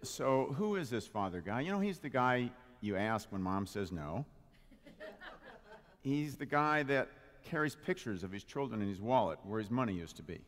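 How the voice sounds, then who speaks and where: A spiritual practitioner gives a humorous Father's Day sermon to a live congregation, animated and jokey, drawing the audience in. He speaks at a moderate pace and medium pitch into a handheld or stand mic, with a hall's long reverb.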